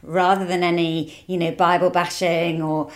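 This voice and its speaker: A woman with a somewhat low voice, speaking in a relaxed, conversational teaching manner with small restarts. She is from England and was recorded outdoors at her home. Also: moderate pace. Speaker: guest speaker. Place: outdoors at their home, front yard.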